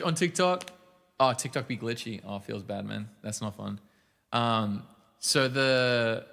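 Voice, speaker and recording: A man streaming live, chatting casually with his viewers between songs and talking to them by name. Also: mid-range voice. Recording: long reverb with loud guitar playing. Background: loud acoustic guitar.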